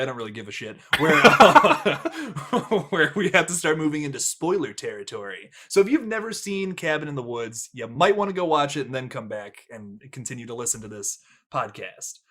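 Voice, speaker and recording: A man's voice: fairly high pitch, big pitch swings, normal speed, sharp tone. A man hosting a casual movie review podcast, rambling, laughing often and wandering into tangents. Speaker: podcast host.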